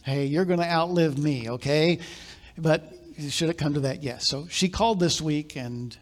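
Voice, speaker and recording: A man preaching a sermon as pastor, live in a church, telling stories in quiet asides and then building to loud, emphatic points. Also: a little high, moderate pace.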